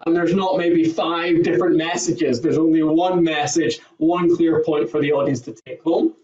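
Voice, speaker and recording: A man with a high-pitched voice explains his ideas in an emphatic, coaching way. He sounds set back from the mic in a roomy space, and the audio is a little dull. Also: steady tone, normal speed, a little mellow, far from the mic. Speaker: presentation skills trainer, guest. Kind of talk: podcast interview answers.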